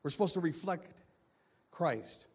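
A man with a high voice delivers a sermon as a guest pastor. He builds through repeated phrases, pushing up into urgent, loud stretches and then dropping low and hushed. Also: lively intonation, unhurried, breathy edge. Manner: swings between loud urgent passages and hushed low ones.

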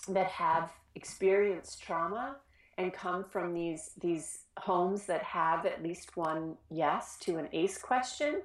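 A woman who works with children in schools, giving an informal talk on trauma, earnest and animated, often restarting her sentences. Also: fairly low pitch, roomy sound. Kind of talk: informal educational presentation.

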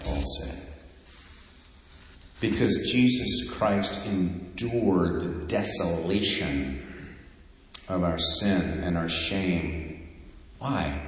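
A man preaching a sermon, slow and deliberate, building to fervent emphasis. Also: deep voice. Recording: echoey hall with long reverb.

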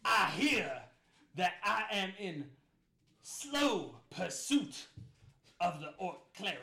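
A man voicing a pompous, loud middle-aged patrol sheriff with a slow, swaggering drawl. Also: sits high, sing-song, creaky, reverberant, voice pushed up, full character voice.

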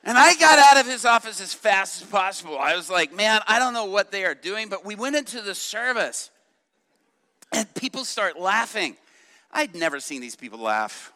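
A man preaching and telling a lively story from the pulpit, acting out the voices of the people in it and laughing along. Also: high voice, normal speed, long reverb tail. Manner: animated, laughing, acts out voices in his stories. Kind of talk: sermon storytelling.

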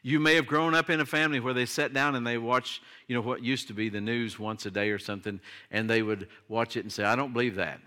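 A man's voice: medium pitch, steady tone, fast talker, hardly any pauses, sharp tone. An older man, a pastor delivering a sermon in a conversational style that swings into emphatic declarations.

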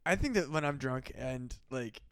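A comedian guesting on a podcast, talking in casual chat, full of swearing and fillers. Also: male voice, medium pitch, expressive, normal speed, clear, resonant tone, no room sound. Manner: profane, filler-heavy, trailing off.

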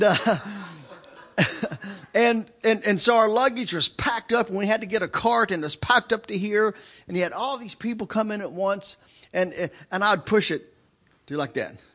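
A man preaching a sermon in a church, telling stories with animated delivery. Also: sits high. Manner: animated, acts out shouting in stories. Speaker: guest preacher. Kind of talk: sermon with storytelling. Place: church sanctuary.

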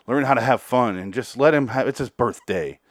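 Dude doing a pleading nagging aunt, dry close sound. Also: male voice, medium pitch, a little fast, no echo, lightly acted.

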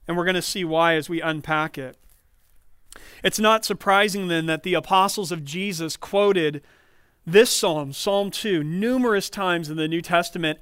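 Guy preaching in church, higher voice, smooth and clean, dry sound. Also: a bit bright, dry recording. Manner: clear, measured teaching with explanatory asides. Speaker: pastor. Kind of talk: sermon.

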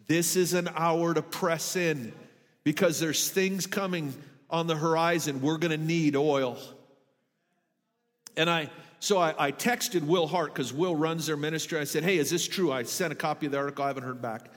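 A man's voice: a little high, fairly even intonation, moderate pace, big-room sound. A middle-aged man preaching a sermon in a church, earnest and emphatic. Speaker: pastor. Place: church sanctuary.

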